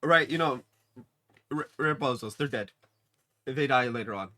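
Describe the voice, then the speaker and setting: A man's voice: mid-range voice, moderate pace, bright, forceful tone. A man casually recapping a TV episode, rambling with many fillers and restarts. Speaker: TV episode reviewer.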